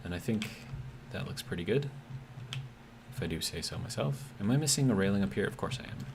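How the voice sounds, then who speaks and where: Low-voiced easygoing male game streamer. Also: animated, fairly quick, gravelly, background noise. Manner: easygoing, hesitant, many ums and self-corrections. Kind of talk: casual live-stream commentary, reading chat aloud.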